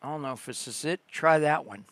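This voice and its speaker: Male stream host, excitable, high and sparkly. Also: brisk, dry recording. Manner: excitable, bursts of laughter and squeals. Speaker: livestream host. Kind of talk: casual livestream chat.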